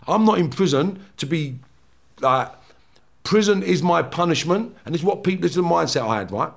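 A former prisoner with a gravelly, rather high voice talks fairly quickly in a casual podcast chat. He's blunt and swears heavily, getting loud and animated when retelling clashes.

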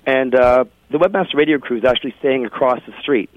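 A chatty male radio host spins a funny story, laughing and tripping over his own words. His voice sits at a middling pitch. It comes through a thin, phone-like radio signal. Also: quick pace, slight background noise. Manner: chatty, laughing, self-interrupting. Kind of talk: casual radio chat, storytelling. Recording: tinny phone-like radio audio.

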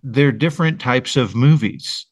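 Male co-host, analytical, mid pitch, dry sound. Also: unhurried, no echo. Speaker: podcast co-host. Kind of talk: casual movie discussion.

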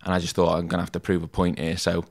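A man with a low voice, talking easily and at length about his past. He fills his stories with "like" and "mate" and pokes fun at himself. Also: monotone, rapid-fire. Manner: chatty, self-deprecating, says "mate" and "like" a lot. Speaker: podcast guest, tattoo artist. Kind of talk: casual storytelling in an interview.

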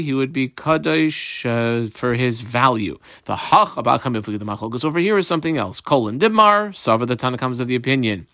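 Lively man teaching a Talmud page. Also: medium pitch, no echo, studio quality. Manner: translates Aramaic phrases line by line, guiding page markings. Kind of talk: daily page study lesson.

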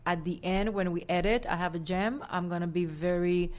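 A woman guest in a casual interview, talking with excitement and laughing as she tells stories. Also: on the low side, normal speed. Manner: excited, laughing, animated storytelling.

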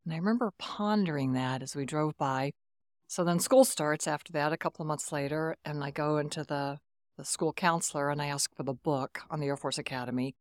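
Low-voiced woman in her sixties telling stories. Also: fairly quick, dry recording, studio quality. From Texas, USA. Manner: warm, animated anecdotes with quoted dialogue. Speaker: guest, retired Air Force officer. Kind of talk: conversational storytelling.

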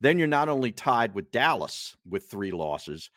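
A man's voice: medium pitch, big pitch swings, unhurried, a bit bright, no echo, clean studio sound. A man co-hosting a casual sports podcast, chatty and opinionated. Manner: chatty, opinionated, does mocking voices. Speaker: podcast co-host.

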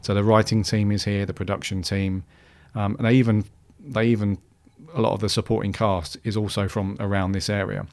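A man's voice: on the low side, little pitch movement, a little fast, hardly any pauses. A man hosting a podcast, talking casually and rambling with many restarts and fillers. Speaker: podcast host.

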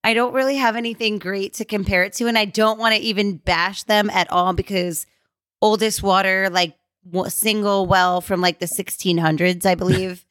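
A woman's voice: medium pitch, steady tone, normal speed, a bit bright, no room sound. A woman co-hosting a casual podcast, chatty and jokey, laughing easily. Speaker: podcast co-host. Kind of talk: casual chat.

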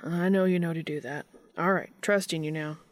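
A woman voicing a teasing, dominant young man who speaks in a low murmured whisper. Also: fairly even intonation, normal speed, no room sound, clean studio sound, lightly acted. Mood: hesitant.

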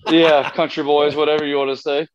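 A man's voice: on the high side, little pitch movement, a little fast, muffled recording, crowd noise. A man as an interview guest, telling a long rambling anecdote and acting out the lines he and others said. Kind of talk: casual storytelling interview.

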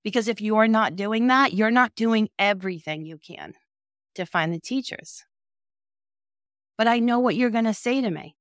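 A woman's voice: medium pitch, normal speed, no echo, clean studio sound. A woman coaching child care directors in a direct, encouraging and emphatic way. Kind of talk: motivational talk to camera.

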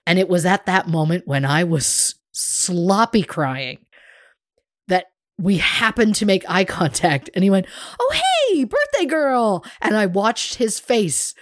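A woman's voice: fairly low pitch, measured pace, dry recording, studio quality. A woman co-hosting a podcast, chatting casually and telling a story animatedly, acting out the other people in it. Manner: animated storyteller, acts out quoted voices. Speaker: podcast co-host. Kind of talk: casual chat.

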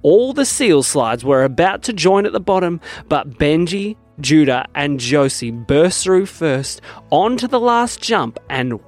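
A man narrating a children's bedtime story in a lively, animated way. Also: fairly high pitch, a little slow, faint music behind. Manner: lively storytelling that swings from bright to hushed.

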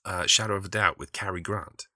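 A man's voice: low-pitched, fairly even intonation, a little fast, pushed and bright, dry recording, clean studio sound. A man hosting a podcast, chatting casually and enthusiastically, laughing often. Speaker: podcast host. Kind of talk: casual conversation.

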